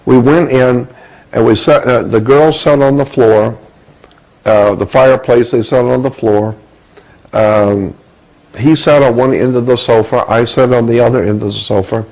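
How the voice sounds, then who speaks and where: A man telling a personal story from his youth, halting and repeating words as he searches for them. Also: medium pitch, steady tone, darkish tone, low-quality recording.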